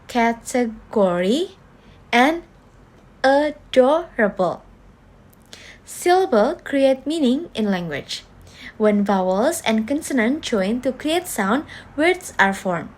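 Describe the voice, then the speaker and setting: Young female student presenter, slightly high voice, methodical class talk. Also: sing-song, takes it slowly. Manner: explains step by step with fillers.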